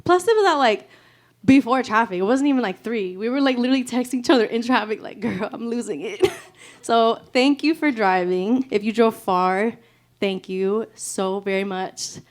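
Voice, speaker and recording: A woman's voice: on the high side, moderate pace. A woman singer chatting casually with her audience between songs at a small live music venue, giggly and loose, full of "like" and "y'all". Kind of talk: casual stage banter with an audience.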